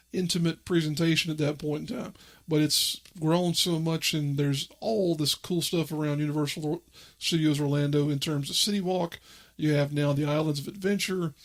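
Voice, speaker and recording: A man hosting his own podcast, talking in a chatty, rambling way with fillers. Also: on the high side. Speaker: podcast host. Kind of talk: casual monologue.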